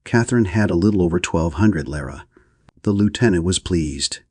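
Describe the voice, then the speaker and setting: A man narrates an audiobook in a measured, understated style. His voice is low and husky. The sound is close and dry, with no room around it. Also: lively intonation, a little mellow, no room sound.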